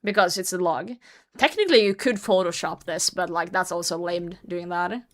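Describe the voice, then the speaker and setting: A woman's voice: fairly low pitch, normal speed. A woman streamer chatting casually and reading a story aloud, breaking in with blunt, profane commentary and frequent laughter. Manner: blunt, swears often, laughs through her reading.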